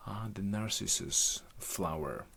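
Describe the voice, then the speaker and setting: A man's voice: fairly low pitch, slow pace, gravelly, fairly bright tone, husky. A man improvising a rambling, profane comic retelling of a myth, with jokey asides. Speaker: comic storyteller.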